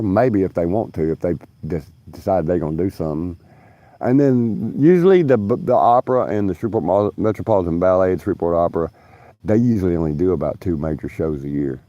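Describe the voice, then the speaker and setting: Guy, kinda low voice, cussing and rambling on a phone livestream, dry sound. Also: dark tone, dry recording, highs cut off. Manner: profane, laughing, drawling. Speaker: livestream host, union stagehand. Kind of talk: rambling casual storytelling. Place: outdoors in his backyard. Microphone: phone camera set down nearby.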